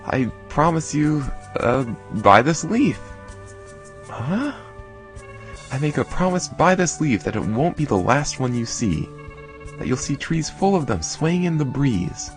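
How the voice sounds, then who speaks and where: Earnest young hero, a man voicing him higher, reassuring and heartfelt, game dialogue. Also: big pitch swings, a little slow. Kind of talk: reading game dialogue aloud. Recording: faint game music behind.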